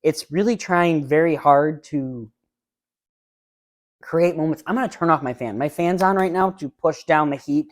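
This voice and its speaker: A man's voice: on the high side, normal speed. A man hosting his own solo movie review podcast, speaking bluntly and rambling in an exasperated way straight to his listeners, into his own microphone at home. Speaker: podcast host. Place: room at home with a fan.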